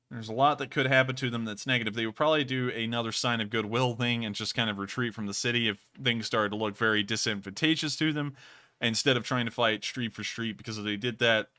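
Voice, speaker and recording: A man's voice: medium pitch, pushed and bright. A man hosting a live news stream, talking earnestly in long, rambling explanations. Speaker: livestream news host.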